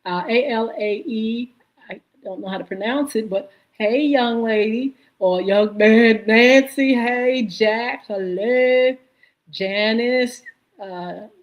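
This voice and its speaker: Woman hosting a live podcast, halting. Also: a little high, dull audio. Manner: halting, many filler "uh"s. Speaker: podcast host. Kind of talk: live-stream podcast, greeting chat viewers.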